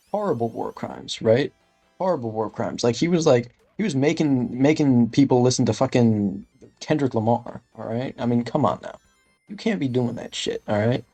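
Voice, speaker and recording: This comedic gameplay commentary comes from a man with a creaky, mid-range voice doing an impression of a gaming creator. Between absurd, deadpan rambling jokes, he curses in bursts of frustration.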